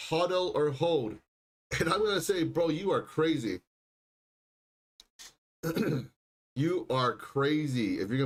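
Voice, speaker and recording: Guy hosting a live stock stream, kinda high voice, keeps repeating himself and clearing his throat. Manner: insistent, repetitive, frequent throat clearing. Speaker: livestream stock and crypto host. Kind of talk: live market commentary.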